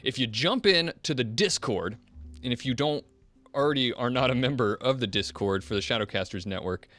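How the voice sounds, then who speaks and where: A man's voice: mid-range voice, fairly quick, fairly bright tone, faint music behind. A man hosting a podcast in casual chat, rambling and self-deprecating, with many fillers and laughs. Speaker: podcast host.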